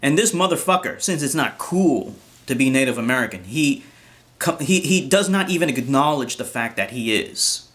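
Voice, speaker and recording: A man's voice: mid-range voice, animated, moderate pace, a bit bright. A man delivering a ranting commentary vlog in an indignant, profane tone, often restarting his sentences. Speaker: commentary vlogger.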